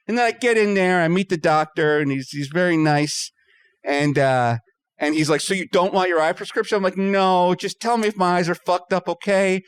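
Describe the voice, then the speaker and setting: A man guesting on a comedy podcast, telling a story in an animated way, acting out both sides of each exchange and swearing freely. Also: high voice, brisk, clear, resonant tone, dry recording. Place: podcast studio.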